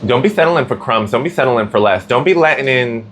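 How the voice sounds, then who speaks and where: A man's voice: mid-range voice, expressive, brisk, a bit bright, a little hiss or hum. A man giving a casual tarot reading, chatty and slangy, with plenty of filler words. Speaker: tarot reader.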